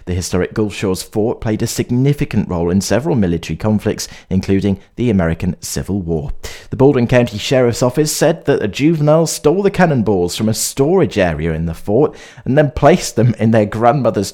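A man's voice: lowish voice, animated, brisk, warm tone. A man hosting a light-hearted news segment, reading stories and adding joking asides with stumbles and fillers. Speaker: host.

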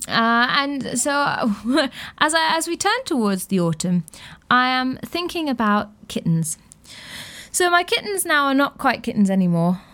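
A young woman hosting a radio show, chatting in a playful, easygoing way between songs. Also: medium pitch. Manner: chatty and playful, with light laughs. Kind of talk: casual radio chat.

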